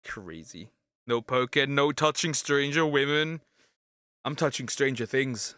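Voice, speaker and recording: Young male reaction streamer, crude and jokey, bright and dry. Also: mid-range voice, a little slow, smooth, dry recording. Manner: crude, joking, restarts, bursts of yelling. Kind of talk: casual reaction commentary.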